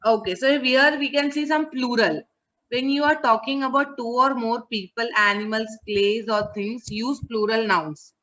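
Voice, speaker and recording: A woman with a slightly bright, high-ish voice teaches an online English class at normal speed. She repeats words patiently and checks that students follow along. The video call audio is muffled.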